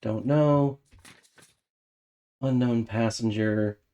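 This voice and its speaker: A young man playing a puzzle game and talking his thoughts aloud, breaking into excited bursts. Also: medium pitch, very slow, clean tone, lo-fi sound. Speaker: gaming video host. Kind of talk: casual game commentary.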